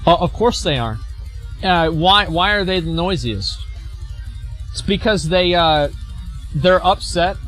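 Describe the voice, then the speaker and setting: Male streamer, slightly high voice, blunt, mocking, swears freely while reacting to posts. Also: slow pace, long pauses, fairly bright tone, faint music behind. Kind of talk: reading and reacting to forum posts.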